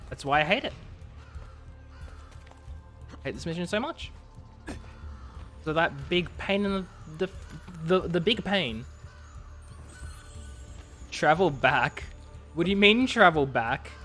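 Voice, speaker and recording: A man's voice: a little high, fairly bright tone. A man streaming a video game, giving sarcastic, rambling live commentary.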